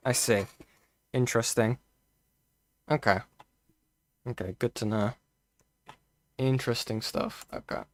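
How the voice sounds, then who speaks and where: Halting man streaming live commentary. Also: medium pitch, fairly even intonation, no room sound. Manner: halting, thinking aloud with restarts and frequent okays. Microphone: close desk mic.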